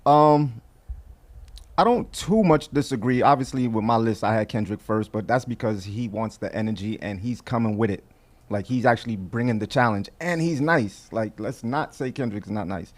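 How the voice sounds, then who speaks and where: A man co-hosting a casual sports talk show, giving measured, thoughtful opinions. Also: medium pitch. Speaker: sports podcast co-host.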